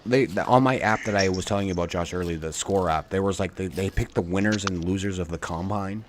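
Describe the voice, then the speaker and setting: A man with a very low voice hosts a late-night sports chat with callers. He talks casually and hesitantly, often restarting his sentences. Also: fast talker, a little hiss or hum. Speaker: stream host.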